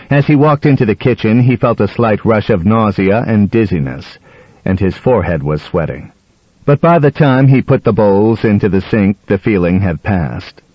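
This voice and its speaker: Brief: steady male audiobook narrator, low voice, dull dry sound. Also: no echo. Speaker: audiobook reader. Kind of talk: scripted narration.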